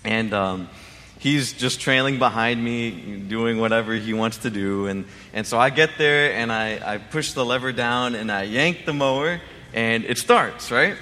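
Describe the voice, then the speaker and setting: A man's voice: medium pitch, a little slow, sharp tone, in a large hall. A man telling a personal story in a casual, rambling way, full of restarts and asides. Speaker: interviewee sharing a testimony.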